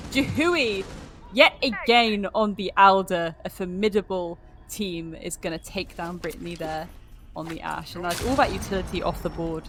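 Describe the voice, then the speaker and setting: A woman's voice: lowish voice, a bit bright, a little hiss or hum. British woman casting esports. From Britain. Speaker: esports caster. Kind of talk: color commentary.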